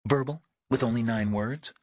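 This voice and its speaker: A man's voice: mid-range voice, normal speed, no echo, studio quality, voice pushed up, close to an everyday voice. A male audiobook narrator voicing a practical woman investigator, speaking in short, questioning lines. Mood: terse. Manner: curt, questioning. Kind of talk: audiobook character voice.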